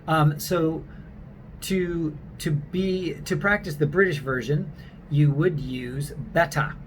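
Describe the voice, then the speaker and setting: Rambling coach. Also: male voice, fairly high pitch, takes it slowly, slight background noise, rough recording. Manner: loose and rambling, with many ums and restarts. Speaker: accent coach for actors. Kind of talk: casual spoken video lesson.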